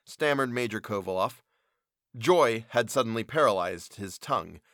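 Male narrator, bright tone, dry close recording, expressive storybook read. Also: medium pitch, moderate pace, no echo. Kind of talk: storybook reading.

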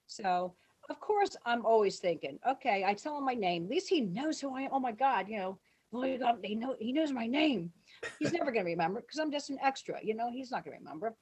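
Woman storyteller, mid-pitched, animated, swears freely, acts out shouted quotes. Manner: swears freely, laughs while telling. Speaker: guest telling stories. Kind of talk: casual storytelling.

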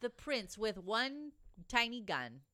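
A young adult woman co-hosting a casual movie recap podcast, wry and quick with jokes. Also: on the high side, very animated, bright, forceful tone. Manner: wry, joking, quick quips. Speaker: podcast co-host.

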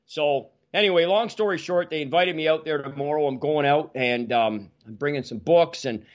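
A man in his forties from Ontario, appearing as a guest in casual chat, tells rambling, self-mocking stories with frequent restarts. His voice is on the high side at a moderate pace, and the highs are cut off.

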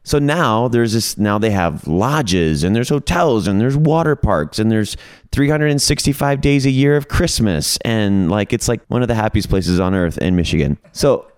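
Middle-aged man, deep-ish voice, playful raconteur, dry close mic. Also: moderate pace, smooth, no room sound. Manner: animated storyteller, quotes himself and others; humorous, coins playful words. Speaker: podcast guest. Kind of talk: storytelling in a casual group chat.

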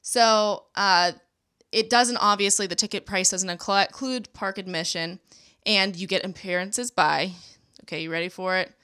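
Chatty woman with vocal fry. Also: mid-range voice, fairly even intonation, moderate pace, bright, forceful tone. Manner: chatty, lots of fillers and restarts. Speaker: podcast co-host. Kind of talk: casual chat.

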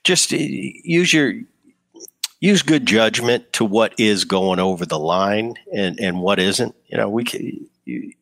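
A man's voice: lowish voice, takes it slowly, gravelly, dry recording. A man, a former ballplayer, chatting casually as an interview guest, telling stories with frequent restarts. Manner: relaxed storytelling with frequent restarts. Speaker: guest, former baseball player.

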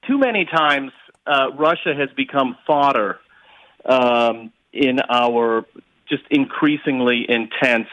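A male guest analyst giving measured, explanatory commentary. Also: medium pitch, a bit bright, dry recording, lo-fi sound.

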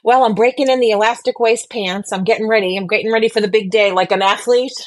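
A woman's voice: fairly high pitch, fairly even intonation, fast. A middle-aged woman with a Boston accent chats away as a podcast co-host. She talks in a loose, self-deprecating way and often stumbles and restarts her sentences. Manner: chatty, self-deprecating, many restarts and fillers. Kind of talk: casual podcast chat.

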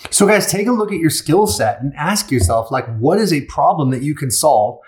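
A man giving casual business coaching advice, emphatic and animated, often checking in with rhetorical questions. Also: on the high side, normal speed.

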